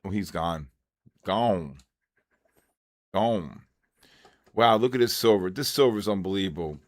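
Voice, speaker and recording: Older man, rambling live trading talk, low voice, greets viewers by name. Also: expressive, a little slow. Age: 60s. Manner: rambling, chatty, talks to chat viewers by name. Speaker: trading livestream host. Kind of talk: casual live trading commentary.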